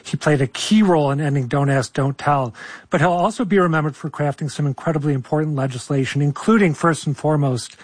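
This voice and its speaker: Male radio reporter, voice going hoarse, dry studio sound, explains at a steady pace. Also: on the high side, no room sound. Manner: apologetic, measured explanation. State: losing his voice. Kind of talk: news interview.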